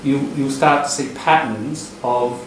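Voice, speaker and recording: A man teaches a relaxed English class, unpacking pronunciation patterns and repeating phrases to model them. He is picked up from a distance in a very echoey classroom, with faint hiss in the background. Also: mid-range voice, unhurried.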